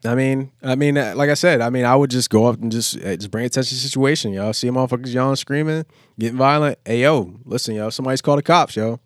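A man's voice: medium pitch, fast, no room sound, clean studio sound. A man chatting casually on a podcast, rambling and laid-back with heavy slang. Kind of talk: casual chat.

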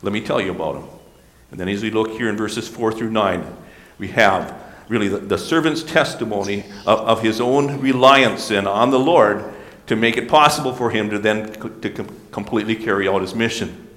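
A man's voice: lowish voice, moderate pace, a bit bright. A man preaching a sermon, earnestly explaining scripture with small restarts. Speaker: pastor. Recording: roomy hall with long reverb.

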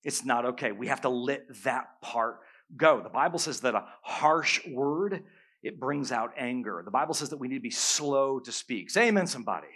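A middle-aged male pastor preaching a sermon, telling a story with humor and animated bursts. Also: mid-range voice, normal speed.

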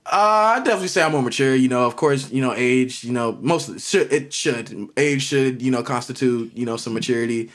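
Relaxed young man, filler-heavy chat. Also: medium pitch, a little fast, hardly any pauses. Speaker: co-host. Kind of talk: casual podcast chat.

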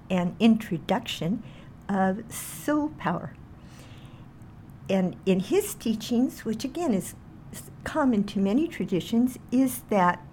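A woman's voice: mid-range voice, darkish tone, a little hiss or hum. A woman teaching a guided healing meditation, speaking in a soothing way and chanting short phrases over and over.

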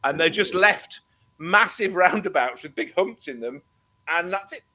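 A man's voice: sits high, a little slow. A man in casual chat, telling stories with lots of laughter and putting on accents. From England. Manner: animated storyteller, laughs often, puts on accents. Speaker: co-host.

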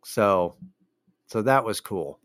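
A man's voice: on the low side, animated, slow pace, dry recording. A man hosting his own show, telling rambling, profane stories in a wry, casual way with lots of fillers. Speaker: podcast host. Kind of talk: casual solo monologue.

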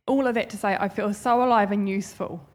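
A woman speaks to a church gathering in a loose, conversational way. Her voice sits at an ordinary middle pitch, and she rambles warmly from one thought to the next with plenty of fillers. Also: fairly even intonation, fast talker. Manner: chatty, rambling, heartfelt. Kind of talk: informal sermon testimony.

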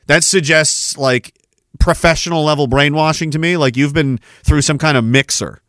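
A man's voice: a little high, moderate pace, fairly bright tone, no echo, studio quality. A man hosting a podcast, delivering a profane, rambling monologue rant. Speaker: podcast host. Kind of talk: ranting monologue.

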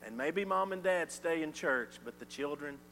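A man preaching a sermon, swinging from loud emphatic lines to quiet ones. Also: fairly high pitch, lively intonation, moderate pace. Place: church sanctuary. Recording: reverberant church hall with faint hum.

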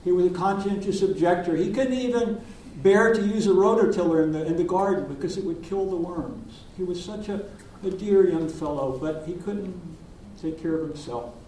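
Older minister preaching in an echoey hall. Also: male voice, high voice, a little hiss or hum. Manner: gentle, reflective storytelling with pauses. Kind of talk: sermon. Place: church sanctuary. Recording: distant voice in an echoey sanctuary.

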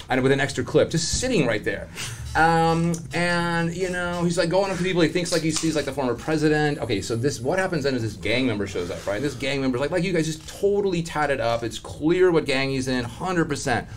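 Animated male storyteller, laughs and does voices, light room ambience. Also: medium pitch, a little fast, slight background noise. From Southern California. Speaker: criminologist guest. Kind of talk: casual storytelling.

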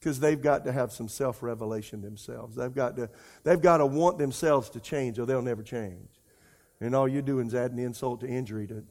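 Pastor preaching with emotion. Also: male voice, medium pitch, a little mellow. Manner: emotional storytelling, rising to near-crying pleas; conversational, repeats words, addresses congregation as y'all. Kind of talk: sermon.

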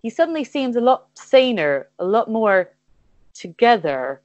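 A woman narrating an improvised comic adventure with playful deadpan timing. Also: on the high side, measured pace, no echo, lo-fi sound. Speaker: comedy guest and game narrator.

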